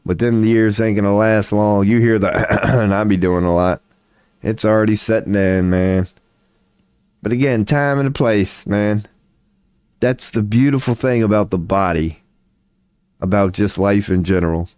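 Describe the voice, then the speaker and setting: A man's voice: fairly low pitch, steady tone, a little slow, darkish tone, smooth, no room sound, clean studio sound. A man in his forties chatting casually on a livestream, rambling and profane, laughing often as he talks. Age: 40s. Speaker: streamer.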